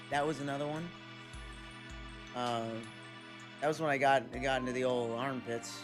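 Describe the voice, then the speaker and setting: A man's voice: medium pitch, steady tone, normal speed, pauses often. Crude, rambling male streamer. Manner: rambling, crude and joking, reading chat aloud. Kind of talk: casual stream chat. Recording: background music under voice. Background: game music.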